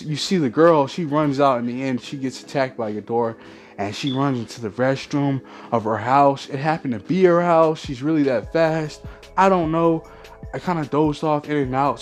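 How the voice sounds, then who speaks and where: A man's voice: medium pitch, a little mellow. A man ranting in a movie review vlog, profane and exasperated, often mimicking lines in mock quotes.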